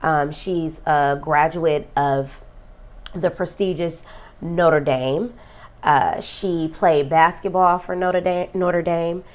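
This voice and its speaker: In a personal vlog, a woman speaks earnestly and reflectively about a friend's death, emotional and close to tears. Her voice is low and darkish, with fairly even intonation and a slow pace.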